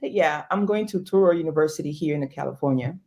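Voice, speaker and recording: Low-voiced woman from Congo. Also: brisk, warm tone. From Democratic Republic of Congo. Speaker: guest. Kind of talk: interview.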